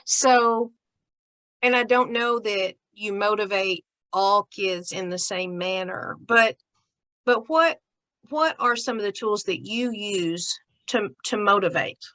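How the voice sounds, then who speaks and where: A woman's voice: medium pitch, takes it slowly, a bit bright. A woman interviewer asking a question, searching for her words.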